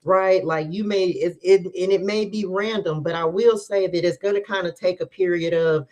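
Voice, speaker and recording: Woman tarot reader hosting a live stream; casual, lively, laughing, talks to the viewers. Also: lowish voice, moderate pace. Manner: chatty, animated, laughs often, talks straight to viewers.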